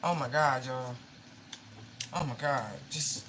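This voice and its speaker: A woman's voice: very deep voice, takes it slowly, a bit bright, a little hiss or hum, poor audio. A woman giving a casual tarot reading, emotional and pleading, swearing freely and calling her listeners y'all. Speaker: tarot reader.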